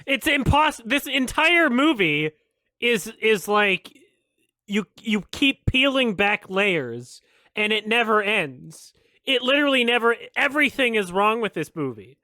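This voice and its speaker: A man's voice: high voice, sing-song, measured pace, bright, forceful tone, no room sound. A man giving exasperated, swearing stream commentary as a film critic, laughing often.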